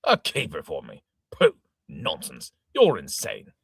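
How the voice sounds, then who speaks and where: Casting: a man playing a fuming old father, bright edgy tone, wildly swooping delivery, husky. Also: extremely low pitch, huge pitch swings, measured pace, dry recording, studio quality, full character voice. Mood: indignant. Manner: sputtering oaths, exclaiming, shouting indignantly. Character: blustering old gentleman father, hot-tempered. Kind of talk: amateur reading of an old stage farce.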